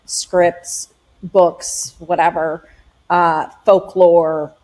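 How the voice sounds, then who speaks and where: A middle-aged woman pastor and author, chatting as an interview guest, telling stories in a lively way with acted-out quotes and frequent laughter. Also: on the low side, very slow. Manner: animated storyteller, acts out quotes, laughs often. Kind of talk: casual interview chat.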